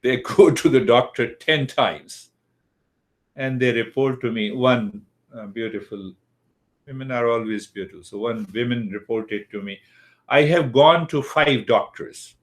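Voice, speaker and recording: Slow, deliberate older male yoga teacher. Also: medium pitch, fairly even intonation. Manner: slow and deliberate, asks and answers his own questions. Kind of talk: spoken lesson on yoga philosophy.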